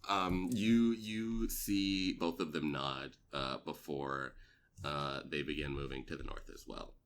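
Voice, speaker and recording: A man's voice: extremely low pitch, fairly even intonation, takes it slowly, a bit bright, a little hiss or hum. A man narrating as game master of a tabletop role-playing game, rambling with many fillers.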